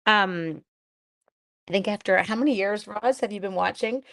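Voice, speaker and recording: A woman with a mid-range, gravelly, slightly bright voice speaks at normal speed while hosting a casual craft livestream. Friendly and self-deprecating, she chats with viewers and reads out their comments.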